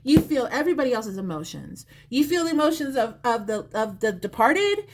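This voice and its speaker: A woman's voice: a little high, very animated, a little fast, a little hiss or hum. A woman giving a psychic reading on a live stream, talking to the viewer directly in a chatty, repetitive way. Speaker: psychic reader. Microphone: phone or close mic on a live stream.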